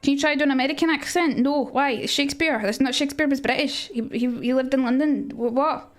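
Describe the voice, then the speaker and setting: A woman's voice: high-pitched, fairly quick. A young Scottish woman teaching Shakespeare on a casual livestream, rambling and answering chat as she goes.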